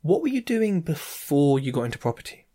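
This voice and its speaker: A man hosting a property podcast, chatty and jokey with quick asides. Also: fairly high pitch, sing-song, warm tone. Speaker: podcast host. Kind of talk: casual podcast interview.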